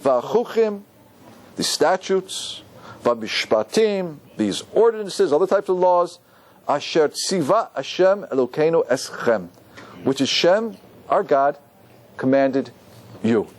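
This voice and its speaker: Man teaching a lively torah class, high voice, swoops up and down, keeps asking the class questions. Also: slow. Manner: lively, questioning students, quoting Hebrew verses.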